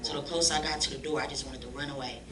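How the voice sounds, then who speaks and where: A woman telling her life story as a church guest, animated and slangy, acting out the voices of people she quotes. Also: rumbling low, very fast, crowd noise. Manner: animated, acts out quoted dialogue in slangy speech. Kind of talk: lively storytelling testimony. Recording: echoey room, distant mic, faint noise.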